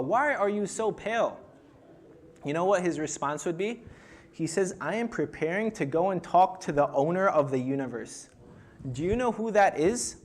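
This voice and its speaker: A young man delivering an emotional religious sermon, retelling a tradition and building to loud, pleading intensity. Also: sits high. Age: young adult. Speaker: speaker at a mourning gathering.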